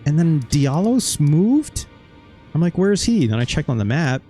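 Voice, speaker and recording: A man's voice: a little high, sing-song, measured pace, warm tone, slightly rough, soft background music. Rambling, casual gamer guy. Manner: rambling, swears casually, recaps with quoted asides. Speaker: gaming video host. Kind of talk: casual let's-play commentary.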